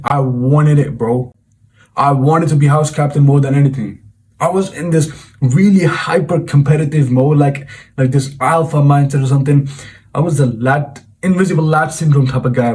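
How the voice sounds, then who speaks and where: A man's voice: fairly high pitch, moderate pace, a little mellow. A young man, a self-improvement vlogger telling a personal story in an informal, earnest way and often calling the listener "bro". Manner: informal, peppers talk with "bro", reflective and earnest. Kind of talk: casual storytelling monologue to camera.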